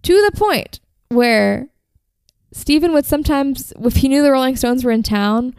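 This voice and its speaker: A woman's voice: high-pitched, moderate pace, a little mellow, clear, resonant tone, no echo, studio quality. A woman casually telling a band's history on a podcast, chatty and profane, full of "like" and "um". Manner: chatty, profane, uses fillers like "like" and "um". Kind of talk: casual storytelling chat.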